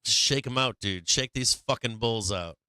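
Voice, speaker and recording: A man's voice: medium pitch, measured pace, sharp tone, smooth, no echo, clean studio sound. Profane, taunting man streaming live. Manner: sing-song carnival barker bits. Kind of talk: casual live stream commentary.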